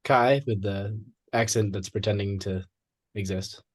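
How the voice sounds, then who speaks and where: Man, student, slow, tentative, sounding out words. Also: lowish voice, steady tone.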